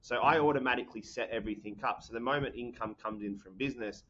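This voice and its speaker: A young Australian man chats as a podcast guest, rambling and energetic, full of "you know" and "um". His voice sits at a middle pitch. The audio is dull and lo-fi. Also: fast talker, a little hiss or hum. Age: young adult. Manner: energetic, rambling, many fillers. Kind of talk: casual podcast chat.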